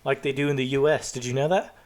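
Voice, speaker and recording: A man's voice: mid-range voice, steady tone, quick pace. A young man co-hosting a podcast in casual, profane banter. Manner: swears freely, riffs on jokes. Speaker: podcast co-host. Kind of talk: casual chat.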